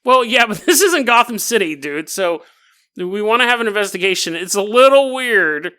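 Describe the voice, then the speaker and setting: Laid-back suspicious cop, done by a man, slack drawl, bright tone. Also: sits high, lively intonation, moderate pace, smooth, voice pushed up. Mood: casual. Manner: slack, drawling, says "dude". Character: laid-back male police officers, casual and suspicious.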